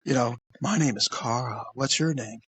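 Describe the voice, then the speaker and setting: A man's voice: mid-range voice, moderate pace, a bit bright, slightly rough, no room sound, voice pushed down. A man voicing a creepy middle-aged man who talks in a coaxing, sing-song way. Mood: wheedling.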